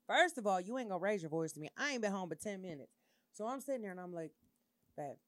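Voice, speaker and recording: A woman's voice: on the low side, no echo. Blunt swearing woman chatting. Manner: blunt, swears freely, reads items aloud. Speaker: podcast co-host. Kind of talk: casual chat.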